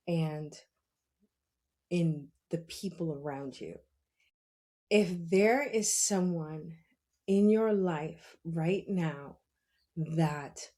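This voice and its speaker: A woman with a New York accent, hosting a podcast and telling her own story in a casual, animated way, laughing often and speaking bluntly. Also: on the low side. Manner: blunt and salty. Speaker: podcast host. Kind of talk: casual spiritual monologue.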